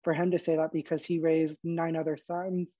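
A man's voice: on the high side, normal speed, no room sound, muffled recording. A young man, a podcast guest, telling personal stories candidly, laughing often and acting out the dialogue. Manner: animated, laughs often, acts out quoted dialogue. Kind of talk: candid storytelling interview.

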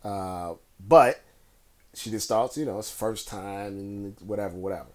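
A man with a somewhat low voice talks through current events on his own. He rambles in a relaxed, conversational way, with plenty of fillers and restarts. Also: measured pace. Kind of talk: casual solo commentary.

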